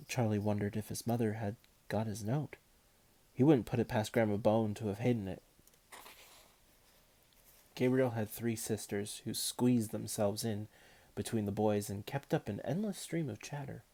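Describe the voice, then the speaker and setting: A man reading a children's novel aloud in a calm, measured way. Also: lowish voice. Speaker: audiobook reader.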